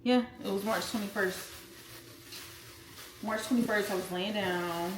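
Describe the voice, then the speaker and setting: A woman's voice: mid-range voice, steady tone, measured pace. A woman in her twenties chatting casually while she cooks at home, blunt and profane, talking straight to her viewers. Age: 20s. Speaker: vlogger. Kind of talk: casual storytime while cooking. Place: home kitchen. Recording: echoey room with loud background noise.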